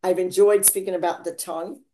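A chatty woman hosting a relaxed faith talk, her voice low and mellow. She rambles and laughs as she goes, with sudden theatrical jumps in pitch and loudness. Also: fairly quick. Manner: dramatic swings in pitch and volume. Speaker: podcast host. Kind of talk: casual faith chat.

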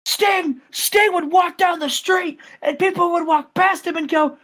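A man's voice: fairly even intonation, unhurried, a bit bright. A man voicing an arrogant male wrestler who rants bitterly about his peers. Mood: ranting. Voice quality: high, strained ranting.

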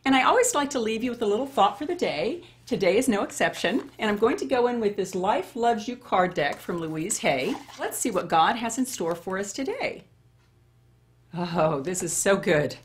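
A woman's voice: mid-range voice, big pitch swings, normal speed, husky. A woman over fifty chatting her way through a makeup tutorial and talking straight to women viewers. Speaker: beauty vlogger. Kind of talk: casual makeup tutorial chat.

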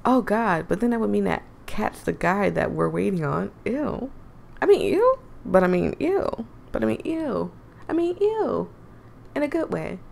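A woman's voice: mid-range voice, expressive, moderate pace, gravelly, a little mellow, a little hiss or hum. A young woman hosting a casual game playthrough, chatting, giggling and rambling in asides. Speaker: gaming channel host. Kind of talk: casual let's-play commentary.

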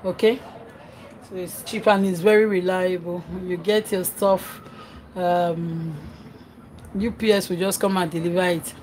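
A woman's voice: on the low side, fairly even intonation, measured pace, darkish tone, a little hiss or hum, low-quality recording. A middle-aged Nigerian woman chatting on a cooking livestream, reading comments aloud and scolding her children between remarks. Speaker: vlogger and mother. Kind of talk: casual cooking livestream chat.

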